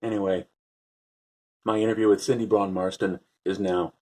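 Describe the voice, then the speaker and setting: A man's voice: sits low, steady tone, normal speed, dark tone. A middle-aged man hosting his own talk show, rambling in a wry, self-interrupting way. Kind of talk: casual unscripted intro and chat.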